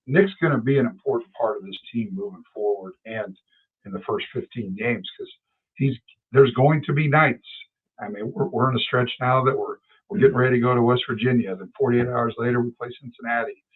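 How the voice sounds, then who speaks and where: A man's voice: mid-range voice, slightly rough. A man co-hosting a sports podcast, chatting casually and rambling through stories with restarts. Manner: rambling, self-correcting storyteller. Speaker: podcast co-host. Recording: tinny phone-like sound.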